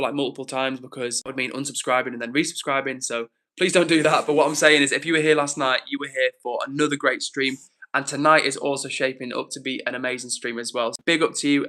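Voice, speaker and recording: A man's voice: fairly high pitch, bright, forceful tone. A man hosting his own live stream, chatting casually and reading out viewer comments in an upbeat way.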